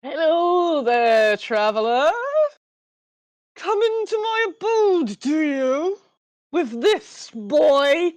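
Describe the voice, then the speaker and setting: Woman doing a crabby old witch, theatrical and scolding, slow delivery, dry close sound. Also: high voice, big pitch swings, no room sound, exaggerated voice. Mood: haughty. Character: rude, suspicious old crone witch, female. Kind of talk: tabletop role-play.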